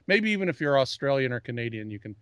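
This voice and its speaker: A man's voice: mid-range voice, big pitch swings, fast talker, a bit bright, smooth, no echo, clean studio sound. A man co-hosting a casual pop-culture chat, rambling and often restarting his sentences as he calls himself a geek. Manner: self-described geek. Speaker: podcast co-host.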